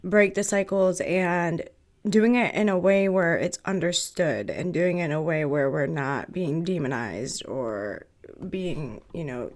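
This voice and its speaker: A woman hosting a casual podcast conversation, blunt and emphatic with casual swearing. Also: sits low. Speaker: podcast host.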